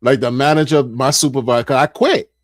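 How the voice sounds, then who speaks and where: A man's voice: mid-range voice, fast talker, no room sound. Middle-aged guy streaming, rambling story, repeats himself a lot, dry close mic. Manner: animated, repeats phrases, acts out quotes. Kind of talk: casual storytelling monologue.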